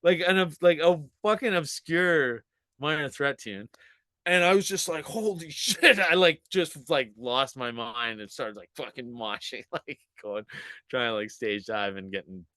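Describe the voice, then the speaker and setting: A Canadian man in his forties, with a medium-pitched, bright, forceful voice, speaks unhurriedly on a recording with no room sound. As a podcast guest in casual chat, he tells a story, swears freely, laughs often, and acts out what people said.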